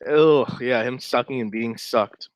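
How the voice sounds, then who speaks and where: A man's voice: mid-range voice, measured pace, clean tone, no room sound, lo-fi sound. A man giving casual, sarcastic commentary while reading through a chat log aloud, with wry asides.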